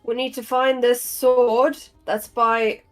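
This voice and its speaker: A woman's voice: fairly high pitch, little pitch movement, slow pace, soft background music, low-quality recording. A woman playing a tabletop game, casually thinking aloud over her notes with many fillers. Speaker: player and note taker.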